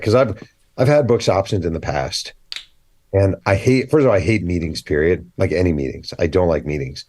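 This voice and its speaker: A man, an author guest on a podcast, telling animated stories, acting out quoted dialogue and speaking bluntly. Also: deep voice, no room sound. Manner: blunt, opinionated. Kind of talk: casual podcast interview.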